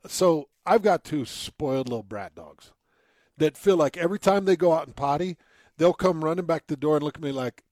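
A man's voice: on the high side, expressive, moderate pace, a little mellow, no echo. A man co-hosting a casual talk show, chatty and enthusiastic, laughing often. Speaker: radio co-host. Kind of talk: casual chat.

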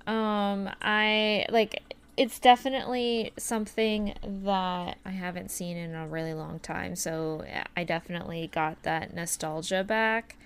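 A woman's voice: medium pitch, steady tone, unhurried, clear, resonant tone. A woman co-hosting a casual podcast chat, talking in a rambling, hesitant way with many fillers. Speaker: podcast co-host reviewing an anime film.

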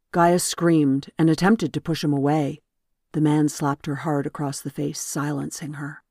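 An audiobook narrator reading a novel in a steady, even storytelling manner on a close studio mic. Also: medium pitch, no echo. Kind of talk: scripted narration.

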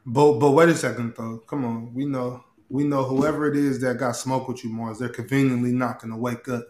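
A man's voice: mid-range voice, steady tone, brisk, darkish tone. A man with an average voice ribs his co-hosts with a joking edge. His voice sounds roomy and echoey. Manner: playful teasing. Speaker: podcast co-host. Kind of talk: casual sports debate.

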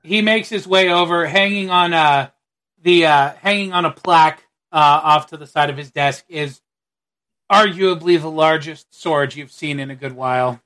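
A man's voice: on the high side, normal speed, pushed and bright. A young man narrating a tabletop game as game master, casual with fillers as he describes scenes.

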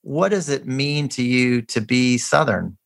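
A man hosting a podcast who asks a guest a closing question, then reads a measured, polite outro. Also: mid-range voice, gravelly, a bit bright. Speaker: podcast host. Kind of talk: interview and scripted outro.

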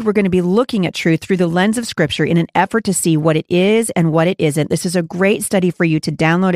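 A woman leads a devotional Bible teaching in an earnest, heartfelt way. Her everyday voice sits a little low, and it climbs higher when she preaches. The recording is close and dry. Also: dry recording. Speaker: Bible study host.

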